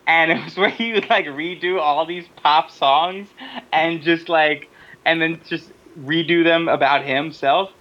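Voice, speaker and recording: A man co-hosting a podcast in casual, joking chat, quick to laugh. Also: fairly high pitch, pushed and bright. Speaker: podcast co-host. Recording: dull lo-fi audio.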